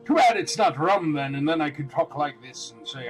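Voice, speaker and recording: A man's voice: on the high side, lively intonation, normal speed, few pauses, over music. Chatty man running a live auction. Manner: chatty and rambling, lots of "like" and "freaking". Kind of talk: casual live-stream auctioneering.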